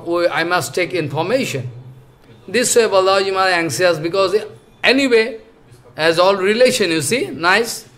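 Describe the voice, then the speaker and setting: A man teaching from scripture in an earnest, explanatory way. He talks haltingly, searches for words, and fills gaps with "you know" and repeated phrases. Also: high-pitched, fairly bright tone. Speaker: spiritual teacher. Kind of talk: scripture lecture.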